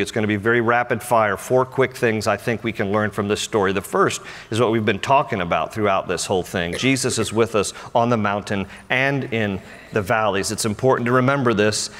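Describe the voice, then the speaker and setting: A man's voice: on the low side, fairly bright tone. A male pastor preaching a sermon in a church, storytelling with humor. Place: church sanctuary. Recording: echoey church hall.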